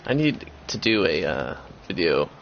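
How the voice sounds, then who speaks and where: With a deep, creaky voice, a young gaming-channel host talks at a measured pace but is very animated. He rambles casually with frequent fillers and restarts. The recording is dull and lo-fi, with slight background noise.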